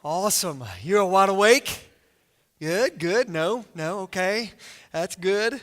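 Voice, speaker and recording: Male pastor, slightly high voice, Kentucky accent, congested, chatty and enthusiastic sermon delivery. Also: slow pace, fairly bright tone. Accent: Northern Kentucky. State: congested from a sinus infection. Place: church service.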